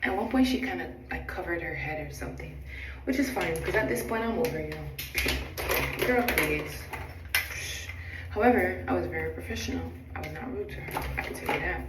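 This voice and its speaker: A young woman, a flight attendant, telling a dramatic story from her job in a sassy, animated way while doing her makeup, acting out what people said. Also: fairly low pitch, a little fast. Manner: animated, dramatic retelling with acted-out quotes; blunt, sassy asides. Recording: roomy, distant, noisy background.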